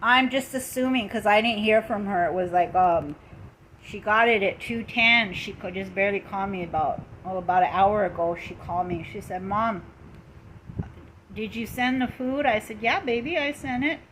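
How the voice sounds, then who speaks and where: A woman's voice: mid-range voice, moderate pace, a bit bright, slight background noise, low-quality recording. A middle-aged woman on a casual live stream, retelling an upsetting story in an indignant, emphatic way, with lots of repetition.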